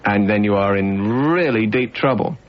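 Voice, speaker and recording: A British man with a lowish voice hosts a late-night radio phone-in, speaking at normal speed in a wry, teasing, rambling manner. It's casual phone-in chat on a studio microphone, with the dull sound and faint hiss of a 1990s radio broadcast.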